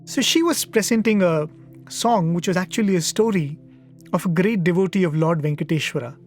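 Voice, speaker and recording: Guy with a slightly high voice telling a devotional story in a studio, earnest and thoughtful, lots of little pauses and uhs, soft music way back. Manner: earnest, reflective, with pauses and fillers. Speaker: satsang speaker. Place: media centre studio.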